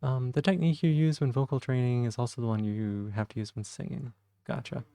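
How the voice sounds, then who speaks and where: A man streaming live in casual chat, soft-spoken and rambling as he reads the chat aloud. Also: medium pitch, steady tone, fairly quick, clear, resonant tone, no echo.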